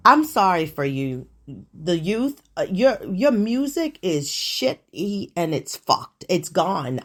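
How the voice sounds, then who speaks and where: A middle-aged woman sounds off on her solo show, cursing freely and sounding disbelieving. Her pitch swings widely from low grumbles to high squeals. She stammers, restarts and laughs as she rants. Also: a bit bright. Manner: profane, ranting, incredulous. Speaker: show host. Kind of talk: solo commentary on current events.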